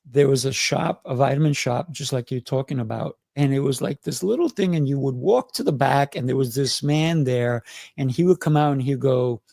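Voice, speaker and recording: A man's voice: medium pitch, normal speed, creaky, dark tone, dry recording. A man hosting an interview, enthusiastic and affirming, often agreeing with his guest. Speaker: show host, interviewer. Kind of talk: conversational interview.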